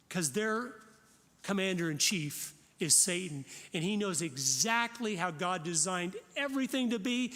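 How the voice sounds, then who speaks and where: A man's voice: high-pitched, a bit bright. Fervent man preaching in a reverberant hall. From Florida. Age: 50s. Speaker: conference speaker. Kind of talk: impassioned conference talk. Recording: long reverb of a large hall.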